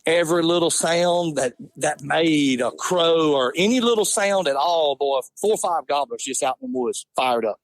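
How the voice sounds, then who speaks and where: A man, telling an animated, laughing hunting story in casual talk. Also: fairly high pitch, moderate pace, hardly any pauses, no room sound. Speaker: podcast guest.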